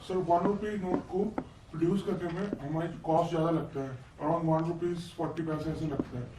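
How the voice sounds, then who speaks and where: A man's voice: fairly high pitch, steady tone, racing, roomy sound. A man with an Indian accent, a student answering the teacher in class and calling him sir. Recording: distant classroom mic with faint noise.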